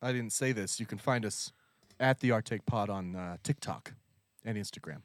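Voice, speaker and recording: A man hosting a podcast in casual chat, lively and laughing as he reads out trivia. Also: on the low side, normal speed, no room sound. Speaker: podcast host.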